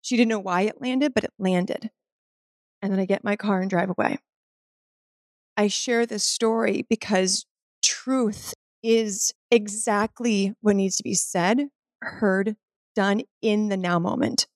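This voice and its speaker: A woman shares a personal spiritual story as a podcast guest, earnest and peppered with "like". Her voice carries a gravelly, creaky edge, and the sound is dry with no room around it. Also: medium pitch, steady tone, a little slow, no echo. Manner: earnest, spiritual, filler-heavy with frequent "like".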